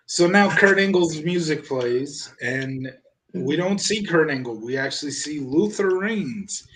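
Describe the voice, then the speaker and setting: A man's voice: a little high, expressive, slow pace, fairly bright tone, a little hiss or hum. Wry man recapping a wrestling show. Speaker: podcast host reviewing wrestling. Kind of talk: casual chat.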